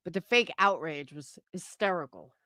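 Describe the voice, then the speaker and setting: A woman's voice: on the low side, expressive, moderate pace, pushed and bright, dry recording, clean studio sound. A woman in her fifties ranting on a livestream, profane and scornful, mocking her critics. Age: 50s. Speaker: livestream host.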